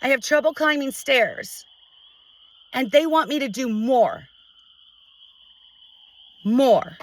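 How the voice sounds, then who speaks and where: A middle-aged woman venting to a phone camera at home, frustrated and halting, restarting her sentences often. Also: sits high, lively intonation, far from the mic, poor audio. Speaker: vlogger. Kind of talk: emotional personal vent to camera.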